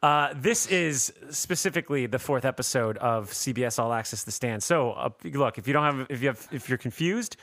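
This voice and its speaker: Lively, bright-voiced male podcast host. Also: medium pitch, brisk, hardly any pauses, no echo. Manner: rambling, jokey, laughs often. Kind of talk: casual podcast chat.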